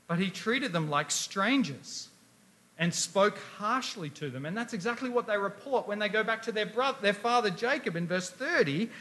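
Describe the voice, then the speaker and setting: A man delivers a sermon in a high, bright voice. He talks with emphasis, and he keeps putting rhetorical questions to his listeners. He reads passages of scripture aloud as he goes. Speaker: preacher.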